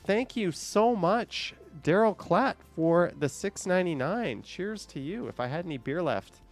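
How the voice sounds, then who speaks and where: A man's voice: high-pitched, animated, a little slow, faint music behind. A man hosting a live stream, chatting with callers, laughing often and reading chat messages aloud.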